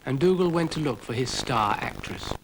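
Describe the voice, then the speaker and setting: A British man narrating a children's story in a dry, gently wry way. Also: medium pitch, sing-song, moderate pace, gravelly, noisy background.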